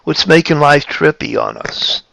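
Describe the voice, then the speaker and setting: A man giving a reflective spiritual talk, halting and repeating his phrases, shifting his tone of voice for emphasis. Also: on the high side, gravelly, bright, forceful tone, no echo. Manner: plays with tone of voice for emphasis. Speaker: spiritual speaker.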